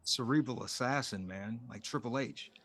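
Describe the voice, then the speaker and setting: A man's voice: mid-range voice, normal speed, a bit bright, slightly rough. A man co-hosting a podcast, recapping a TV episode in casual chat, joking and riffing with mock quotes. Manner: jokey, riffs with mock quotes. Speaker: podcast co-host.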